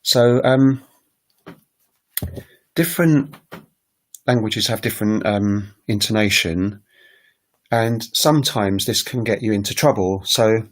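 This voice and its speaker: A man talks through a language-learning livestream in a relaxed, unscripted way. His voice sits a little low. He thinks aloud, fills pauses with ums, and pokes fun at his own mistakes. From United Kingdom. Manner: self-deprecating asides. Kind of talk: casual solo livestream talk.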